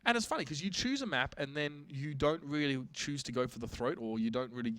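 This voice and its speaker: A man giving colour commentary on an esports match, analysing strategy in a chatty way and getting louder when the plays heat up. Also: fairly high pitch, expressive, a little fast, dry recording. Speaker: esports caster.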